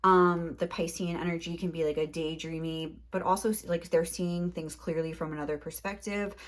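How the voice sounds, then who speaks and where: A woman's voice: fairly low pitch, fairly even intonation, moderate pace. A young woman giving a casual tarot reading, rambling and filling her talk with "like", a little out of breath. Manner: rambling, heavy use of "like". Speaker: tarot reader.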